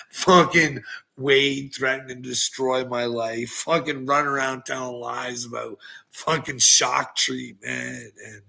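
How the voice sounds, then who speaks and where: A man's voice: medium pitch, gravelly, bright, forceful tone, breathy edge. A man delivering a taunting, profane rant at his critics, mocking them and laughing often. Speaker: online video creator. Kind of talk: ranting monologue to critics.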